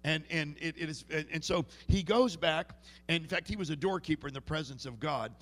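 A man's voice: on the high side, a little fast. A man preaching a sermon in a church, telling folksy stories and often restarting his sentences. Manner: folksy storytelling with many restarts. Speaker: pastor. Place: church sanctuary. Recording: long hall reverb.

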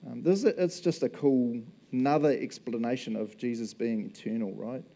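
Mellow-voiced New pastor, chatty and jokey. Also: male voice, mid-range voice, normal speed, vocal fry. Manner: chatty and jokey, laughs often, acts out little quoted voices. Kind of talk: casual conversational sermon.

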